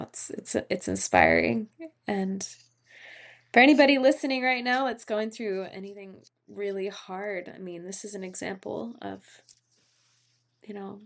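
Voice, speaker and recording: A woman's voice: mid-range voice, creaky. A woman hosting a faith-based podcast interview, encouraging her guest with short affirmations. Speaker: podcast host. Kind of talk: interview conversation.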